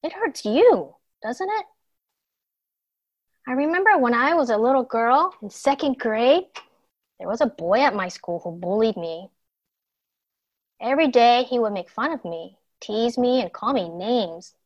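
A woman teaching a children's Bible lesson, telling the story in an animated way and asking her listeners questions. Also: on the high side, a little slow, long pauses, highs cut off.

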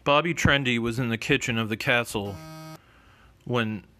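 Male narrator, casual comedic storytelling, bright tone, offhand and rambling. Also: medium pitch, moderate pace, a little hiss or hum.

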